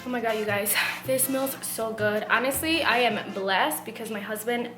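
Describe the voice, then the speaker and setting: A woman's voice: on the high side, normal speed, music in the background. A young adult woman chatting casually and upbeat in a home vlog as a student, full of "like" and "literally". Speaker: student vlogger. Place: at home, indoors.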